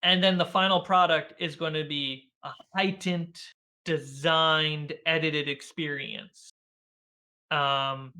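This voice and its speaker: A man as a guest in a casual video-call interview, an animated storyteller who laughs often and acts out the lines he quotes. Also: on the high side. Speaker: guest, filmmaker and game master.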